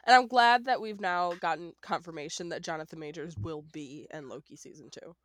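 A woman's voice: lowish voice, brisk. A woman co-hosting a casual movie chat, upbeat and decisive in her opinions.

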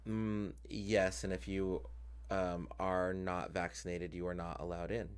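A man's voice: deep voice, little pitch movement, measured pace, clean tone. A man hosting a podcast in casual chat, talkative with frequent fillers and easy laughs. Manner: chatty, many fillers, laughs often. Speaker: podcast host and drag performer.

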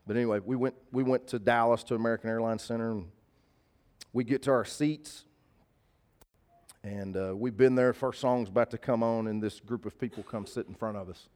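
Animated pastor preaching. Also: male voice, medium pitch, a little fast. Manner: animated, conversational preaching with emphatic repetition. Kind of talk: sermon with personal storytelling.

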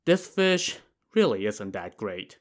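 A man voicing a calm, courteous male leader who speaks softly. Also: fairly low pitch, takes it slowly.

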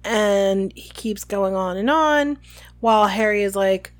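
A woman's voice: mid-range voice, a little slow. A woman co-hosting a podcast, chatting casually and reading passages aloud. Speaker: podcast co-host. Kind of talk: casual book discussion.

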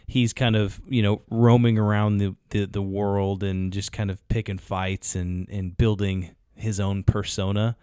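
A man's voice: lowish voice, flat delivery, a little slow, hardly any pauses, dark tone, clear, resonant tone, no room sound, studio quality. A man co-hosting a podcast, casually retelling a film's story with fillers. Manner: storytelling, retelling films with acted quotes. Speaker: podcast co-host. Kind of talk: casual chat.

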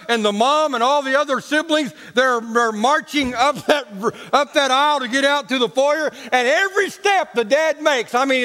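A male preacher tells stories from the pulpit in a folksy, joking way, his grammar loose and casual. His voice sits fairly high for a man. It rings out with the long reverb of a large church sanctuary. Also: moderate pace, hardly any pauses, pushed and bright. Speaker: pastor. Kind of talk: storytelling sermon.

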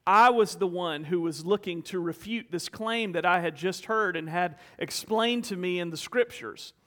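Pastor, male, fairly high voice, earnest storytelling sermon in an echoing sanctuary. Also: moderate pace, fairly bright tone. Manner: storytelling, earnest, rhetorical questions. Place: church sanctuary.

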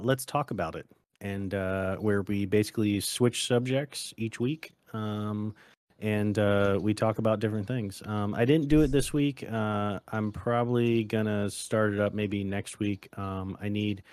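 An American man chatting as a podcast guest, telling stories in an animated way and laughing easily. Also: on the low side, measured pace, clear, resonant tone, no room sound. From United States. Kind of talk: casual podcast chat.

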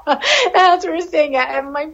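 A woman's voice: very high-pitched, very animated, unhurried, fairly bright tone, slight background noise. A woman telling a rambling story in casual chat, laughing often and swearing freely. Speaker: podcast guest, animal communicator. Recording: dull lo-fi audio.

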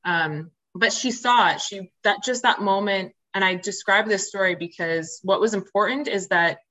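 A woman's voice: mid-range voice, bright, forceful tone, low-quality recording. A woman who is a podcast guest, telling her personal story openly and earnestly, with many fillers and restarts. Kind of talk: candid personal storytelling in interview.

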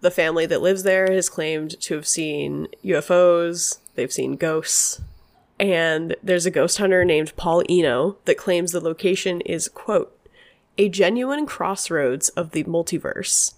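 Woman podcast cohost, kinda low voice, loose storytelling chat. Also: steady tone, measured pace. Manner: storytelling, swears casually. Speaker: podcast co-host. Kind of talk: casual chat.

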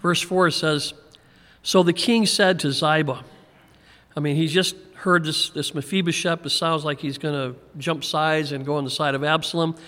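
Chuckling preacher in a reverberant hall. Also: male voice, fairly high pitch, fairly even intonation, moderate pace, pushed and bright. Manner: conversational, chuckles often, repeats words when restarting. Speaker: pastor. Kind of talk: verse-by-verse Bible teaching.

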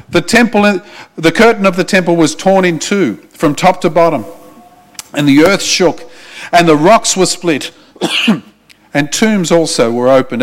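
An Australian man preaching a sermon, earnest and urgent, dropping soft and low when he pleads with listeners. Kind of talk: sermon with altar call.

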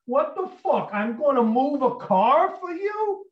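A man acting out a huge, furious young man who yells and swears after being pulled out of the shower. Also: very high-pitched, big pitch swings, unhurried, pitched above the performer's own voice, heavily acted. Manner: shouting, swearing. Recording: roomy, distant, dull sound.

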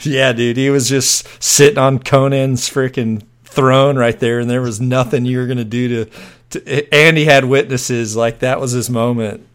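A man's voice: medium pitch, steady tone, normal speed, clean tone. A man, a podcast guest, chatting casually with frequent laughs and slang. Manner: laughs often, uses casual slang like 'dude' and 'freaking'. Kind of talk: casual chat.

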